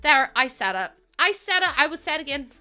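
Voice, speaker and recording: A woman's voice: high-pitched, very animated, fairly quick, pushed and bright, faint music behind. A woman streaming live, chatting casually with her viewers, greeting them and laughing often.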